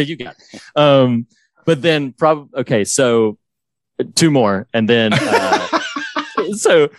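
In a dry recording, a man with a mid-range voice co-hosts a podcast, chatting casually. He excitedly recounts his favorite lines from a series, quoting them straight from the show.

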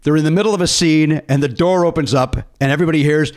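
A man hosting a podcast, telling stories in an excitable, animated way and laughing often. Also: fairly high pitch, fast, hardly any pauses. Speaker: podcast host. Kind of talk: casual chat.

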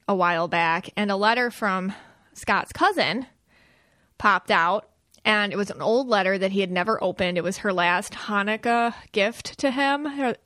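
A chatty young woman hosts a podcast in a lively, animated way, her voice sitting a little high. The sound is dry and close, with no room around it. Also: dry recording. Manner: chatty, animated, with laughs and squealed asides. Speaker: podcast host. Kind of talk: casual chat about spirit contact.

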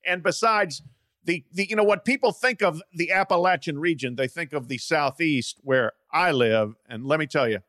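Bright-voiced teasing man. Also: a little high, normal speed, no echo, clean studio sound. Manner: teasing, playful. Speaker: podcast co-host. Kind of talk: casual sports chat.

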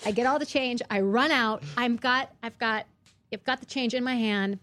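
Animated woman telling a story. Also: a little high, dry recording. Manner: animated storyteller, halting restarts. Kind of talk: casual chat.

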